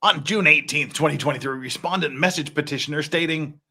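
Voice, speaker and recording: A man's voice: fairly high pitch, a little fast, sharp tone. A man hosting a casual legal-commentary podcast, reading court filings aloud with wry, joking asides. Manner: wry, reads documents aloud with jokey asides.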